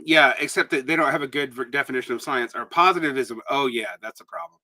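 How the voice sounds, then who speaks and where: A man with a sharp, medium-pitched voice talks fast, barely pausing, while hosting a casual live stream. He answers chat questions in a rambling, digressive way packed with fillers, throwing in blunt, emphatic asides.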